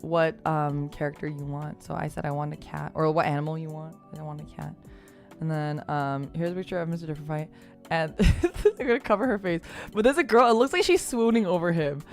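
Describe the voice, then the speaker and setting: A woman streamer telling a story in casual chat, animated and laughing often, with lots of "like" and fillers. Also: on the low side.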